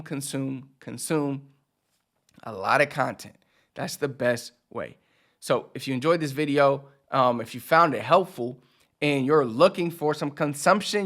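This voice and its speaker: A man giving a casual video lesson as a language teacher, relaxed, repeating key words slowly for emphasis. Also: medium pitch.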